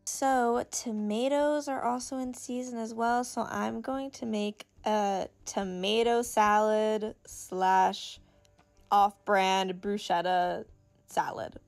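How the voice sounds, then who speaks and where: A woman's voice: mid-range voice, steady tone, slow pace, vocal fry, darkish tone, no echo, soft background music. A young woman chatting casually in a crafting vlog, bubbly and gushing, sometimes counting stitches under her breath. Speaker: crafting vlogger.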